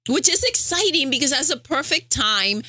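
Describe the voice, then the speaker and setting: Female gaming podcast co-host, bright animated voice, playful teasing, dry sound. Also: high-pitched, moderate pace, dry recording. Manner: playful teasing, laughs easily. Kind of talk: casual gaming news chat.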